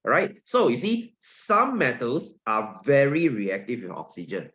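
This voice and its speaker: A man's voice: medium pitch, wildly swooping pitch, a little slow, a bit bright, dull audio. A man with a Singaporean accent teaching an online science lesson, playful and jokey, full of teasing analogies.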